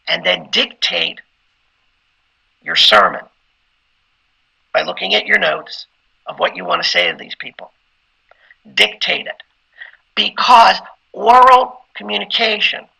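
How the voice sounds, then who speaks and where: A man's voice: sits high, vocal fry, bright, forceful tone, slightly rough, poor audio. A middle-aged man giving an informal lecture on preaching skills, conversational and at times emphatic like a preacher. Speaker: instructor teaching preaching skills.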